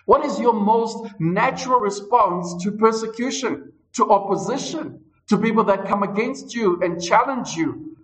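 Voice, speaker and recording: Male pastor, high-pitched, emphatic repeating sermon delivery; recorded from a distance. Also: expressive, unhurried. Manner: emphatic, repeats phrases for stress. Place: church service. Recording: voice a bit far from the mic.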